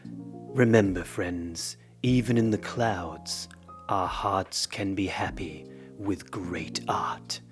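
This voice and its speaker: A man putting on an exaggerated English accent to intone a gentle affirmation in a hushed, breathy voice. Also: sits low, slow pace, music in the background. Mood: solemn.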